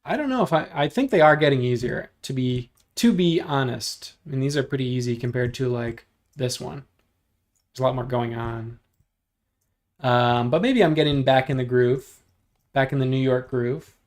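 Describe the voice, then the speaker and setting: A man hosting a livestream, chatting casually and thinking out loud as he builds 3D models, joking and teasing himself along the way. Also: medium pitch, moderate pace. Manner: joking, self-deprecating, thinks out loud while clicking. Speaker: livestream host modeling in 3D software. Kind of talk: casual livestream chat while working.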